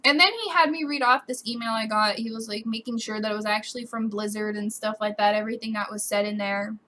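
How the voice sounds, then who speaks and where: A woman's voice: a little high, fairly even intonation, fast talker, sharp tone, a little hiss or hum. A young woman vlogging about a frustrating experience, emotional and swearing, with her voice breaking at times. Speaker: gaming YouTuber. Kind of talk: upset personal vlog rant.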